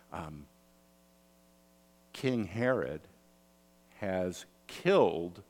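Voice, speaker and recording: Slow, low-voiced preacher in a reverberant hall. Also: male voice. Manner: storytelling, animated with asides and rhetorical "right?". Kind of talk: sermon.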